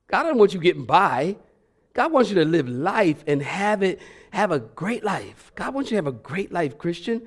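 A middle-aged man preaching a lively, conversational sermon as a guest preacher, playfully acting out voices. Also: high voice, moderate pace.

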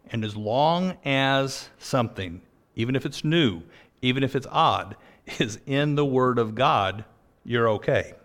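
Man preaching, chatty storyteller, mid-pitched voice, easy laughs. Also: expressive, unhurried, fairly bright tone. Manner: conversational storytelling, laughs between lines. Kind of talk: sermon.

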